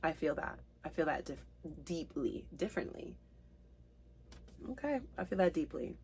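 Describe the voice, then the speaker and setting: A woman giving a spiritual tarot reading to her viewers, earnest and emotional, reading card meanings aloud slowly. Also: sits low, big pitch swings, vocal fry, a little mellow, slight background noise. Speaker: tarot reader.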